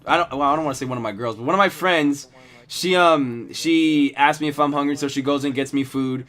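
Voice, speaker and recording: A man's voice: fairly high pitch, fairly quick, fairly bright tone. Rambling, profane male gamer. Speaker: gaming video host. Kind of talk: casual storytelling over gameplay.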